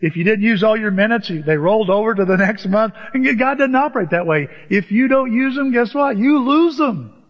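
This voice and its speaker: High-voiced pastor in a reverberant church. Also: male voice, brisk. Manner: conversational, humorous, rises to emphatic peaks. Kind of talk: sermon. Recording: dull sound with long church reverb.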